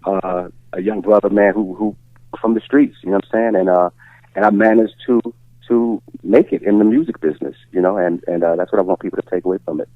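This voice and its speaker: A singer from Chicago giving a phone interview, speaking in a relaxed way with lots of "you know" and "uh". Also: male voice, low voice, a little fast, no echo. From Chicago, USA. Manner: relaxed, filler-heavy talk with many "you know"s. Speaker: guest singer. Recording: tinny phone line.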